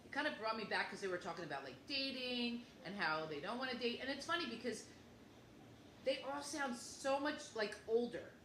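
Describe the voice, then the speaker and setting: Fifties woman co-host with a bright, rambling, chatty delivery, recorded in a roomy space with faint background noise. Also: on the high side, expressive, brisk. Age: 50s. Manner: rambling storyteller who acts out both sides of conversations. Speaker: podcast co-host. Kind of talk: casual chat. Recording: echoey room with faint noise.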